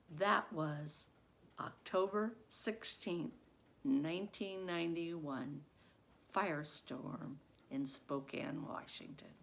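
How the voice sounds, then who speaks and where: A middle-aged woman, a former teacher, telling a personal story with vivid, dramatic pacing that builds into loud excitement. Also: lowish voice, slow, gravelly. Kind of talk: told personal story at a contest.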